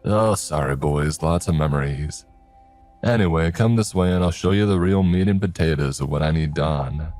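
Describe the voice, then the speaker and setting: A man voicing a folksy older man in a cowboy hat, a drawling, friendly property owner who talks slowly. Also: rumbling low, a little mellow, soft background music. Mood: wistful.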